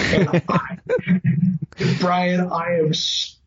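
Excited middle-aged man telling a hunting story. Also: mid-range voice, unhurried, muffled recording. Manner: animated, breaks into excited quoting. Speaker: hunting guest. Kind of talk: casual storytelling.

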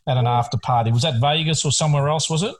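A man's voice: a little high, fast. A man hosting a casual chat, prompting his guest with questions. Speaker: host.

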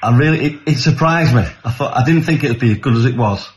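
A man's voice: mid-range voice, quick pace, faint music behind. Plain-spoken older man reviewing films. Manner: plain-spoken, good-humoured. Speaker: guest reviewer. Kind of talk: casual film review.

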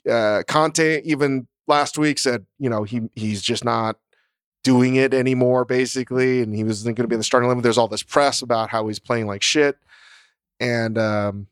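A man co-hosting a podcast in casual, animated chat, swearing freely and laughing as he tells stories. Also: mid-range voice, normal speed, clear, resonant tone, no room sound, studio quality. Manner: animated, profane, laughing storyteller. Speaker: podcast co-host.

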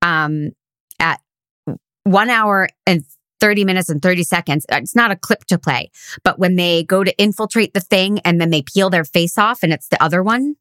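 A woman co-hosts a podcast and talks in a casual, dry and sarcastic way. Her voice sits somewhat low. It is recorded close on a podcast microphone with a dry sound. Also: normal speed, fairly bright tone, no room sound. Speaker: podcast co-host. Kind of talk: casual chat.

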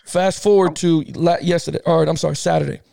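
A middle-aged man with a high, gravelly voice tells a story in a fired-up podcast chat. He keeps circling back in slang and laughs often. His voice is recorded dry and close. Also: fairly even intonation, a little fast, mellow, no echo. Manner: slangy, repeats himself. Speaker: podcast co-host. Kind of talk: casual sports podcast chat.

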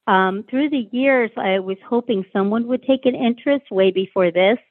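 A woman's voice: a little high, normal speed, dry recording. A woman in her sixties giving a candid, frank personal interview as a guest, speaking with many hesitations. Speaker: guest, sister of a murder victim. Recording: tinny phone-line sound, dry.

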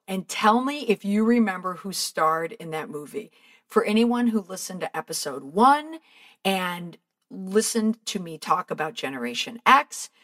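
A middle-aged woman talks straight to her listeners as a podcast host and speaking coach. Her pitch is typical for a woman, and she gives firm advice while putting questions to her audience. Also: fairly bright tone. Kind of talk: instructive podcast monologue.

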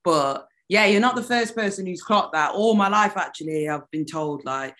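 A British woman in a casual interview chat as the guest, relaxed and loose, with frequent laughs and fillers. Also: lowish voice, moderate pace. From United Kingdom. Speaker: guest singer.

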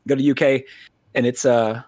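A man's voice: mid-range voice, fairly even intonation, normal speed, a little mellow, no echo, studio quality. An American man co-hosting a podcast in a casual, rambling, profane way, laughing often. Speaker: podcast co-host.

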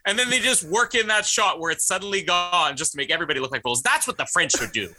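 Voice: medium pitch, lively intonation, quick pace, bright, forceful tone. A podcast co-host chatting casually with a dry, teasing manner. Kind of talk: casual banter.

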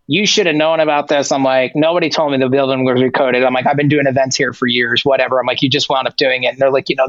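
The recording is dry and muffled, carrying a fairly high male voice: a tour manager of Persian heritage guesting in a relaxed storytelling interview. He swears freely, peppers his speech with "like," and animatedly performs both sides of the dialogue.

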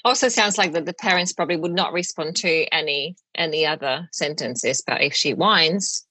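A woman's voice: sits low, normal speed, pushed and bright, breathy edge, no room sound, rough recording. A woman hosting a podcast interview, conversational and leading her guest with questions. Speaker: podcast host.

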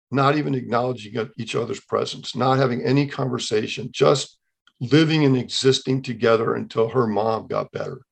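A man in his sixties with a gravelly, slightly husky voice, guesting on a podcast. He tells his own faith story in an animated way and jumps into the voices of the people he quotes. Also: mid-range voice. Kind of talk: telling a personal testimony.

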